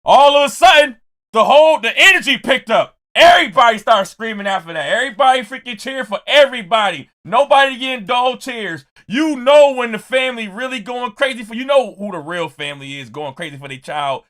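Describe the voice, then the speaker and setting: A man with a high, bright voice on a casual live stream. He greets viewers by name and tells a story in a loud, animated way, and he often breaks into shouts. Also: a little fast.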